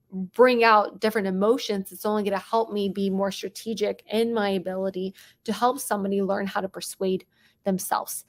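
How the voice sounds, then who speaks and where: A young adult woman coaching on sales tonality, talking quickly and dropping into whispers or bright bursts to show different tones. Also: mid-range voice. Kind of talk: teaching sales tonality to a live chat audience.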